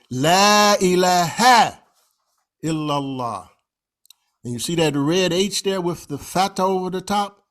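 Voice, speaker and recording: A man giving a slide presentation over a video call, talking in a folksy, conversational way and stretching out recited phrases for emphasis. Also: a little high.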